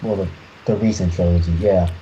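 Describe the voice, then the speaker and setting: A man's voice: low voice, steady tone, mellow. A man in his thirties co-hosting a podcast, chatting casually and hesitantly with many restarts. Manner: halting, many restarts and fillers. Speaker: podcast co-host. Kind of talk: casual chat. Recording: muffled lo-fi audio with faint noise.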